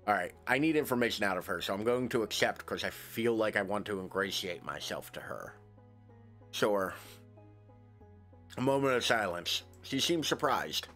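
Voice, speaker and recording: A man's voice: on the low side, moderate pace, long pauses, fairly bright tone, soft background music. A male streamer reading a narrative game aloud, dropping casual, wry asides between the lines.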